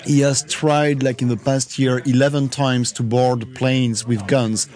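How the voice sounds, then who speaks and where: A man's voice: medium pitch, flat delivery, measured pace, darkish tone. A man, a comic book inker, chatting casually on a podcast, hesitant and laughing easily. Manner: hesitant, many fillers and restarts, laughs easily. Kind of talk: casual chat.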